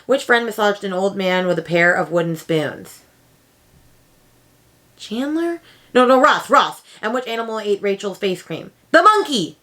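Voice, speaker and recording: A young woman book vlogger chatting casually at home, excitable and quick to jump up high in pitch when she reacts. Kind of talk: casual chat.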